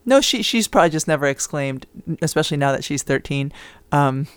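A middle-aged woman with a smooth, clear voice co-hosts a sports podcast. She talks in a chatty, upbeat way with plenty of fillers. Her voice is close and dry. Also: deep voice, animated, brisk, no room sound. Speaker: podcast co-host and basketball analyst. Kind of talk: casual sports chat.

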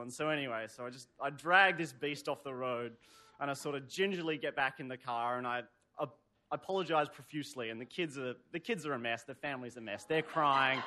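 A man's voice: a little high, sharp tone, a little hiss or hum. A man telling a story live on stage, rambling with lots of "sort of" fillers and wry humor. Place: stage before a live audience.

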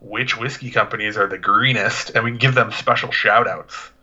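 A man's voice: lowish voice, steady tone, normal speed, pushed and bright, breathy edge, lo-fi sound. A man co-hosting a podcast, chatting in a laid-back, rambling, joking way. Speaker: podcast co-host. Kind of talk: casual chat.

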